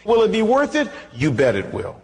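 High-voiced preacher man in a reverberant hall. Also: moderate pace, gravelly. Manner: animated storytelling, acts out dialogue. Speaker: pastor. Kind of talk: sermon.

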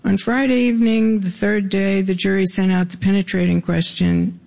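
A man with a fairly high, heavily gravelly voice reads his own stories to a live audience. He delivers them deadpan, tossing in dry, wry asides between passages. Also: normal speed. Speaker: author reading his own writing.

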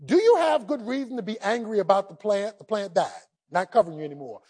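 A man voicing God as a patient, questioning figure, speaking lower and calmer within a sermon. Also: fast talker, husky, full character voice.

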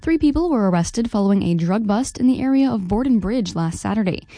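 Mellow-voiced woman reading radio news. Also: mid-range voice, no echo. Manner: brisk, even newsreader delivery. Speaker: news anchor.

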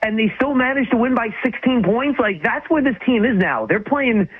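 A man's voice: extremely high pitch, animated, normal speed, slightly rough. A man calling in as an insider guest on a sports talk show, chatting casually with frequent stammered restarts. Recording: tinny phone line.

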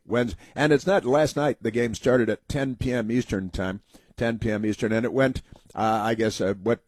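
A man holds forth as a talk-show host, stumbling through his points with constant fillers and false starts. His tone is sneering and sarcastic, his pitch sits in an ordinary middle register, and the sound is dry and close, with no room around it. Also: darkish tone, no room sound. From United States. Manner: rambling, halting, heavy with fillers. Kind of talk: political opinion monologue.

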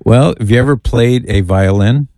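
A man's voice: medium pitch, normal speed, mellow, no echo. A man hosting a radio call-in show, bantering dryly with his co-host and teasing him. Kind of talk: casual on-air banter.

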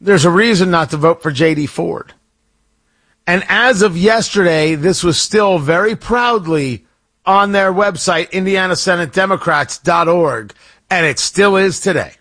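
A man's voice: high-pitched, measured pace. A man hosting a talk radio show, giving opinionated commentary with sarcastic asides. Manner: sarcastic, animated, rambling asides. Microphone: studio microphone.

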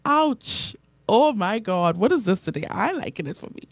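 Animated woman preaching, mellow and dry. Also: mid-range voice, a little fast, gravelly, no echo. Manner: animated preaching, repeats phrases, reads out comments. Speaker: radio and online preacher host. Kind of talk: sermon.

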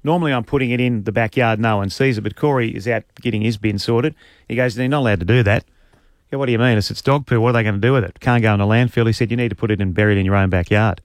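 An Australian man chatting at a brisk clip, spinning an animated yarn and quoting the people in it. His voice sits close and dry on the mic, with no room around it. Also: medium pitch, no room sound. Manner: animated storytelling, mimics neighbour. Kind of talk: casual banter.

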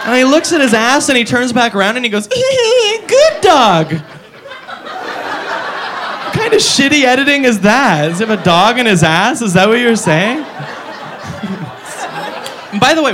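A man's voice: high-pitched, big pitch swings, normal speed, noisy background. A man doing a stand-up comedy set, exasperated and profane, talking straight to the crowd.

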